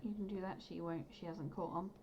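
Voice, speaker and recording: A woman acting as game master, narrating a tabletop game and speaking for a thief, with halting restarts. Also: lowish voice, fairly even intonation, dull audio, noisy background.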